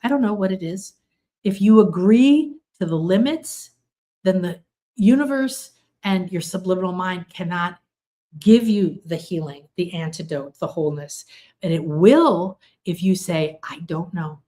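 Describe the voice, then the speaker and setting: A woman's voice: on the low side, a little slow, dark tone. A middle-aged woman giving a motivational spiritual talk, earnest, stacking long repeated lists and acting out quoted pleas. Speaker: spiritual healing teacher.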